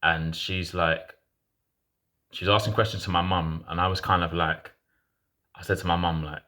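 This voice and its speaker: A man's voice: sits low, little pitch movement, normal speed, sharp tone. A man in his thirties casually telling a personal story in frank, slangy talk full of restarts.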